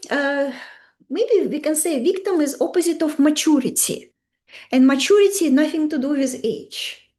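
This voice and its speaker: Woman, high voice, coach, live online class, video call mic, emphatic, simple non-native English phrasing. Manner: animated, emphatic, acts out client quotes in varied voices. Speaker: beauty and mindset coach.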